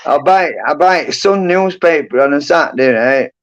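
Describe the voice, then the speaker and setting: A man's voice: on the high side, moderate pace. Middle-aged man, livestream host, rambling sweary chat, muffled lo-fi sound. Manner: rambling, sweary, lots of "and that" and "you know". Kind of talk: casual chat. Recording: dull lo-fi livestream audio.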